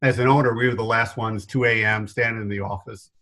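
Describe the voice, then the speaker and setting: A middle-aged man with a faint New York accent, a guest telling stories in an interview, animated and self-deprecating, laughing often. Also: fairly low pitch, quick pace, poor audio. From New York area. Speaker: guest consultant. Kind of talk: storytelling interview answers.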